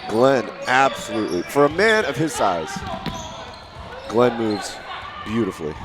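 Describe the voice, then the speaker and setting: A man giving live play-by-play commentary, rising to shouts at big plays. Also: mid-range voice, big pitch swings, unhurried. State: out of breath.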